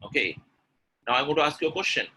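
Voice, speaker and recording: Bright-voiced man teaching a webinar. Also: on the high side, quick pace, a little hiss or hum, rough recording. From India. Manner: animated, demonstrates by repeating words and answers viewers from the chat. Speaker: English pronunciation coach. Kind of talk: live online webinar teaching.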